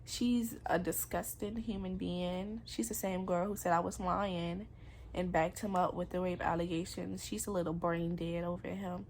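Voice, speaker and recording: A woman's voice: fairly low pitch, steady tone, normal speed, a little mellow, slight background noise. A young woman candidly telling a painful personal story in a confessional vlog, emotional and rambling.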